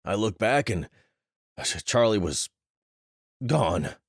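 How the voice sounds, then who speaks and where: A man voicing a frightened young soldier who speaks haltingly between breaths. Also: deep voice, sing-song, slightly rough, no room sound, studio quality, full character voice. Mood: shaken.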